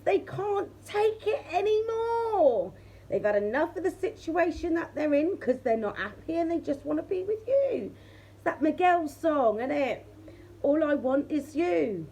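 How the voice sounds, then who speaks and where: Chatty woman tarot reader, high voice. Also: darkish tone. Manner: chatty, laughs often, addresses viewers directly. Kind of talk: casual tarot reading chat.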